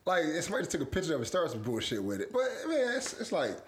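A man's voice: on the high side, huge pitch swings, very fast, a little hiss or hum. A young man co-hosting a casual talk show, telling stories loosely with lots of swearing and frequent laughter. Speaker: podcast co-host. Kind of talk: casual chat.

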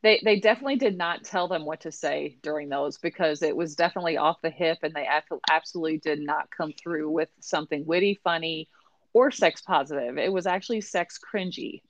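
A woman's voice: sits low, brisk, dry recording. Wry, chatty middle-aged woman host. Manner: chatty, wry, exasperated asides. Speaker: podcast host. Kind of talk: casual recap chat. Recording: dry, dull lo-fi sound.

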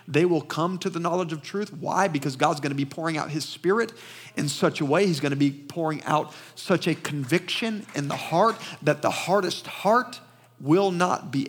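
Emphatic Southern preacher, slightly high voice. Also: male voice. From Southern United States. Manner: emphatic, with call-and-response to the congregation; fast-talking. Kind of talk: sermon. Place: church sanctuary.

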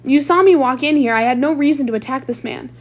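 A woman's voice: high voice, fast. A woman voicing a cunning man who insists on his innocence in a read-aloud novel, with a slightly raised voice. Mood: insistent. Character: cunning man bluffing through pain.

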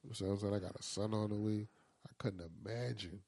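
A man's voice: lowish voice, fairly even intonation, gravelly, dark tone, dry recording, clean studio sound. A man with a New Orleans accent, co-hosting a podcast, chatting casually in an earnest, agreeable way. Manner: agreeable, backs up the other host, slow and earnest. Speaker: podcast co-host. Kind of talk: casual chat.

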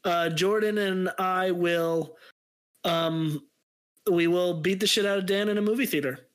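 A man's voice: sits high, fairly even intonation, unhurried, fairly bright tone. A man co-hosting a comedy podcast, bantering playfully with mock-tough trash talk. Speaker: podcast co-host. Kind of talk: casual comedic chat.

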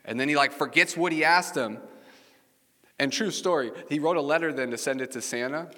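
Man, pastor, conversational sermon, chatty storyteller, bright tone. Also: fairly high pitch, a little fast. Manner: storytelling, chatty, asks the audience questions. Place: church sanctuary with congregation. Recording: long reverb of a large hall.

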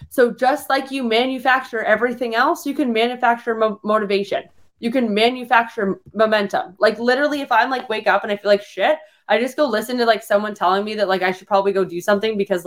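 A young woman coaching her listeners in a casual, live-streamed motivational podcast. She is blunt and energetic, swears freely, and keeps filling her talk with filler words. Her voice sits at an ordinary middle pitch. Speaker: fitness coach and podcast host.

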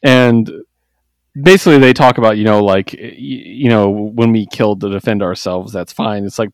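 A man co-hosting a casual podcast, recapping comics in an animated way, jumping into quick character voices and laughing often. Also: fairly low pitch, no echo. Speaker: podcast co-host. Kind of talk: casual comic book chat.

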